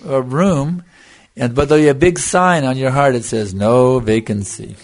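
An older man giving a devotional lecture as a spiritual teacher, earnest and repeating himself for emphasis, answering a listener's question. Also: mid-range voice.

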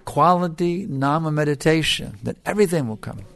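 Gravelly man giving an emphatic devotional talk. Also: on the high side, fairly quick, fairly bright tone, no room sound. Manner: emphatic, repeats phrases for stress. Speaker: spiritual teacher. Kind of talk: devotional lecture.

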